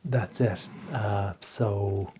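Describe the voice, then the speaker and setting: A man's voice: fairly low pitch, fairly even intonation, extremely slow, warm tone, slight background noise. A man co-hosting a podcast in casual chat, hesitant and full of restarts, from Canada. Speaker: podcast co-host.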